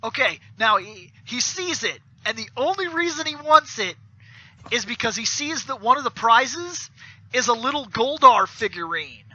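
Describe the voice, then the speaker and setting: A man chats on a video-call podcast, retelling a story in a lively way and swearing casually. His voice is very high and bright, with a sharp edge. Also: normal speed, lo-fi sound. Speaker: podcast co-host. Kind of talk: casual chat.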